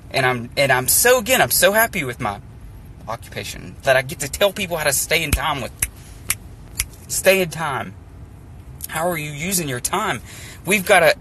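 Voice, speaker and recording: A man's voice: on the high side, sharp tone, rough recording. Earnest rambling man over background noise. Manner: rambling, earnest, repeats himself, says dude. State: emotionally overwhelmed. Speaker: streamer talking to live viewers. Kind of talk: emotional off-the-cuff monologue. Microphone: phone. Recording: clear background noise, vehicle sounds.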